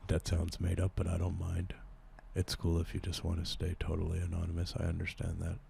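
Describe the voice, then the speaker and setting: A man improvising a sheltered, odd man who has never left home and is fixated on hair, talking in a quiet, halting, lowered voice. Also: monotone, creaky, slightly rough, exaggerated voice. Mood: dreamy. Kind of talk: improv comedy scene.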